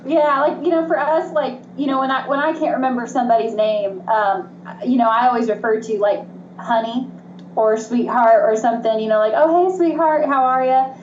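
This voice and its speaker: A woman's voice: on the high side, little pitch movement, brisk, darkish tone. A woman from the US South with a Southern accent, a country singer chatting casually as an interview guest, filling her talk with likes and ums. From USA. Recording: roomy dull call audio with faint noise.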